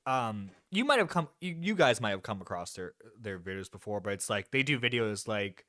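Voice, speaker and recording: A man riffs over a video on his live stream, sarcastic and profane, often breaking into laughter. His pitch jumps around a lot, and the recording is dry and close with no room sound. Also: big pitch swings, normal speed, fairly bright tone, no echo. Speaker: stream host. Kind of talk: live reaction commentary.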